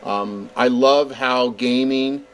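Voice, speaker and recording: A man's voice: mid-range voice, slow pace, a bit bright. A middle-aged Californian man talks eagerly about making games, often repeating words as he starts his sentences. A faint hiss sits behind his voice. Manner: enthusiastic, with stammered repeats. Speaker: game designer guest. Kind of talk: casual interview chat.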